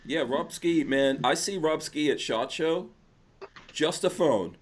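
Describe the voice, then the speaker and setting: Laid-back male podcast host. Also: a little high. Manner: laughs often, quick asides. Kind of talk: casual podcast chat.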